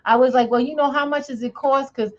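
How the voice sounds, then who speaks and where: A woman hosting a podcast, telling a story in a lively, chatty way and laughing often. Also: high voice, a little fast, dull audio. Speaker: podcast host. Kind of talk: casual chat, storytelling.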